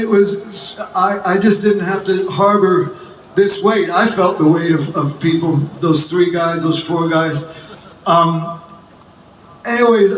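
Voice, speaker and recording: A man on an outdoor festival stage tells a rambling story to the crowd, halting and restarting, with laughing asides. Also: high-pitched, reverberant, noisy background. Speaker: rock singer addressing festival crowd. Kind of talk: onstage storytelling. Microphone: stage microphone through PA. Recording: distant crowd recording over loud PA.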